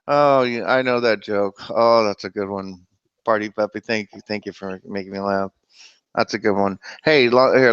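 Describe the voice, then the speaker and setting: Livestream host, man, low voice, animated and exclamatory, dull lo-fi dry sound. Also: smooth, no echo. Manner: animated, exclamatory, quick to laugh. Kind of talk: casual livestream talk about the Bible.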